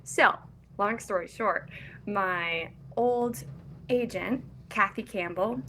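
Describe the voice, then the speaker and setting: A woman's voice: medium pitch, slow, bright, forceful tone, a little hiss or hum. A young woman from Kentucky, an actress and casting director, talking in a chatty, upbeat, giggly way as a podcast guest. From Louisville, Kentucky. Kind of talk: casual interview.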